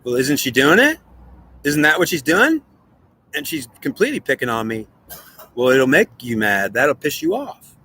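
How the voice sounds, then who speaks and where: A man's voice: medium pitch, sing-song, normal speed, pauses often, pushed and bright, breathy edge. A man talking alone to the camera, playing both sides of an earnest, repetitive argument with himself. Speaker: vlogger. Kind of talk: solo monologue, arguing with himself in two voices.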